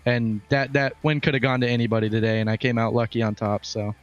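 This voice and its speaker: A man, out of breath, giving a halting post-race interview as the race winner. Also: medium pitch, level tone, lo-fi sound, faint music behind. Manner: halting, with many fillers and restarts. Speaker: winning driver.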